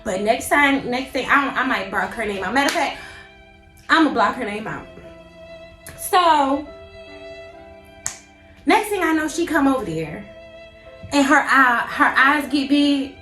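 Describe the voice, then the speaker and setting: A young woman telling a personal story in a casual vlog, animated and slangy, acting out her own panicked thoughts. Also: sits high, a little slow, long pauses, soft background music. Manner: animated, slangy, dramatic inner monologue. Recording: echoey room.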